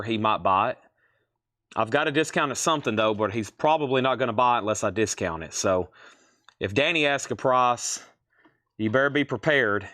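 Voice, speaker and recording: A man's voice: mid-range voice, a bit bright, dry recording, studio quality. Chatty man hosting a live sale. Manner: chatty, teasing, reading prices quickly. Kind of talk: casual live-stream selling. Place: store.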